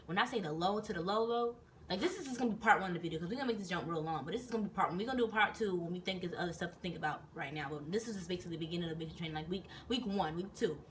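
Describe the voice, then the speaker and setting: A young woman and soldier telling stories in a casual, animated, profane and rambling chat, recorded indoors. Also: fairly low pitch, racing. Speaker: vlogger and soldier. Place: indoors in Korea. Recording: distant mic with faint noise.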